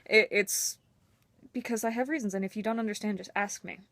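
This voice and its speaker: A woman's voice: medium pitch, fairly even intonation, brisk, fairly bright tone, no room sound. A young woman talking candidly and emotionally to her camera in a personal vlog, with a self-mocking edge. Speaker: vlogger.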